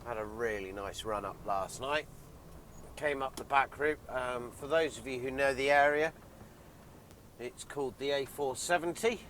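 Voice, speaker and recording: A man's voice: medium pitch, normal speed, a bit bright, a little hiss or hum. A man vlogging casually with a head cold, chatty and rambling with many ums. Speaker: lorry driver vlogger. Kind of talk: casual vlog chat. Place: lorry cab while driving, then outdoors on a hill.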